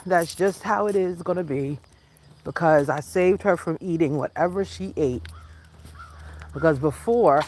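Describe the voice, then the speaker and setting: A woman vlogging casually while walking outdoors, chatty and quick to laugh, talking to her dog along the way. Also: lowish voice. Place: outdoors on a residential street.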